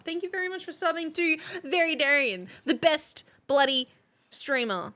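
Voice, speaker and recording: A woman's voice: high-pitched, lively intonation, normal speed, pushed and bright. An Australian woman chatting casually on a live stream, quizzing her chat like a teacher. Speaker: substitute streamer.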